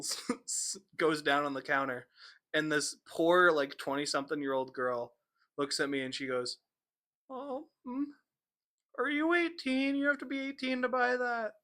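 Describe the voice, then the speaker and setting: A young man with a bright, forceful voice tells stories on a casual podcast. He is animated and laughs a lot. He acts out what other people said. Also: a little high. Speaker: podcast co-host. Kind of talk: casual storytelling chat.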